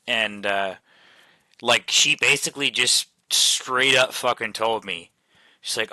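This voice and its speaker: Man with a very bright, dry voice. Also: mid-range voice, steady tone, unhurried, no echo. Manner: loose and profane, full of "like" fillers. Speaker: host chatting with friends on voice chat. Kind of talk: casual storytelling chat.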